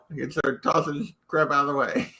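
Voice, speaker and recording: A man playing a tabletop game, talking quickly and joking with friends. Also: fairly high pitch, bright, forceful tone. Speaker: player. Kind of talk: casual game chat.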